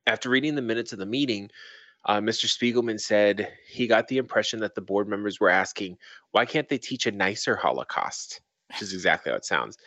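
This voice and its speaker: A man's voice: on the low side, fairly bright tone, dry recording. A young man co-hosting a casual podcast, reading a news article aloud and breaking off into swearing asides. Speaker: podcast co-host.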